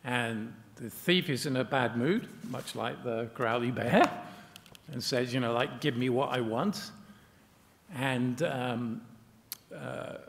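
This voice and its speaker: Guy with a bit of fry explaining a buddhist story casually, lots of ums, long echo on it. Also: medium pitch, slow, fairly bright tone. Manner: storytelling with frequent fillers. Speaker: meditation center member discussing a Buddhist book.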